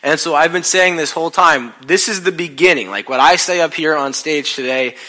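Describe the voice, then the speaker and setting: A man preaches a sermon from a church stage. He is an animated storyteller who jokes with his listeners. His voice is bright and forceful and sits slightly high. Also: brisk, rough recording. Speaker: pastor.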